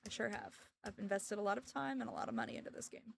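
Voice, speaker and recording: A woman's voice: fairly high pitch, quick pace, vocal fry, slightly rough. A young woman streaming and chatting casually, ranting sarcastically and laughing often. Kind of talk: casual livestream chat.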